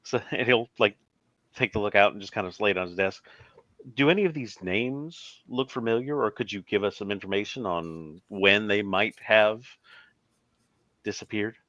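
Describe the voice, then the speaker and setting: A man's voice: lowish voice, moderate pace, pushed and bright, dry recording, muffled recording. A man playing his character in a tabletop game, speaking formally and narrating his own actions. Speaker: player. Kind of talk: in-character tabletop role-play.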